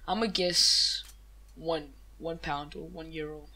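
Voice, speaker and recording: A woman hosting a gaming channel, giving excited case-opening commentary, gasping, exclaiming and swearing freely. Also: low voice, takes it slowly, noisy background.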